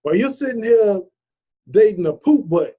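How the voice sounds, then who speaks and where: A man's voice: high voice, animated, moderate pace, mellow, breathy edge. A man giving a casual motivational talk, telling a rambling story in an earnest, preachy way with lots of "you know.". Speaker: motivational vlogger.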